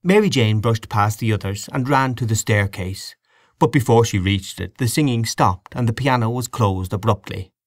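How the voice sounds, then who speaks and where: A man narrating a literary audiobook with a measured, expressive reading. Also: on the low side, no room sound, clean studio sound.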